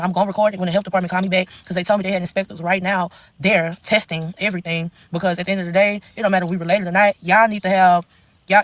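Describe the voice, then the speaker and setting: A woman's voice: fairly low pitch, a bit bright, no room sound. A young woman rattles off a storytime rant at breakneck speed, blunt and full of profanity. Her voice sits close and dry on a phone mic, with no room around it. Every thought spills straight into the next. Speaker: TikTok storyteller.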